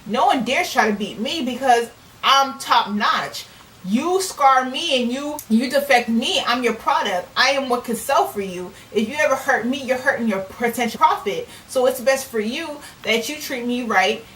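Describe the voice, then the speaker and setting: A woman's voice: sits high, animated, normal speed, a bit bright. A woman voicing a proud, unbothered enslaved man. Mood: self-assured. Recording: echoey room, distant mic.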